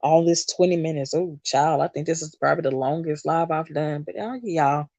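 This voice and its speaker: A woman's voice: low-pitched, normal speed, warm tone, no room sound. A woman hosting a spiritual livestream. She sounds emotional and speaks in emphatic, repetitive phrases in a channeling style.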